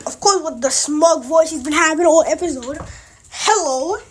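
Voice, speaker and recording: A woman's voice: sits high, a little fast, a little hiss or hum. A woman casually narrating a made-up story from a small recording closet, rambling with chatty asides.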